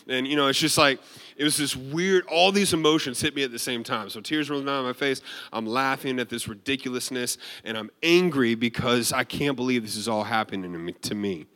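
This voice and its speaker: The speaker is a man at medium pitch who preaches by recounting a personal story. He sounds animated and conversational, restarting his phrases often.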